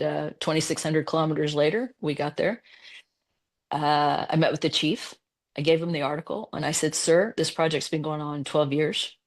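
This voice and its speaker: Low-voiced woman telling a story. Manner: animated, retells conversations in quoted voices. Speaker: guest, business executive. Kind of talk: casual interview storytelling.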